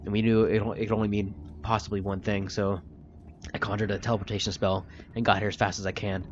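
A man's voice: lowish voice, level tone, lo-fi sound, slight background noise. A man narrating a tabletop game as game master, casual and swearing. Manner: casual, swearing, quick-spoken.

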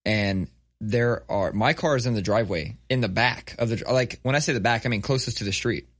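A man's voice: mid-range voice, a little fast, fairly bright tone, no room sound, studio quality. A man in his thirties telling a story in casual, profane conversation, acting out quotes as he goes. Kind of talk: casual chat.

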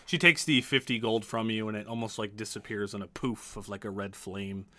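A man's voice: lowish voice, steady tone, brisk, sharp tone. A man running a tabletop game as game master, talking casually with swearing and frequent laughs.

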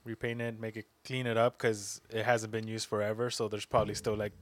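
A man's voice: on the low side, little pitch movement, a little fast. A man co-hosting a casual podcast, chatty and upbeat. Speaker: podcast co-host.

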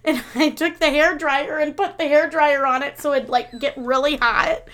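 Woman in her thirties, co-host, high-ish voice, chatty storyteller who laughs through her anecdotes. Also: normal speed. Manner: laughs through stories, animated when quoting. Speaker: podcast co-host. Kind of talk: casual chat, storytelling.

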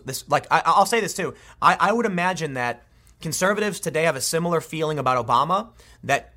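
Bright-voiced, emphatic man commentator. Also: fairly high pitch. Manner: emphatic, opinionated, restarts sentences often. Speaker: political commentator. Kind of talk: opinion commentary monologue.

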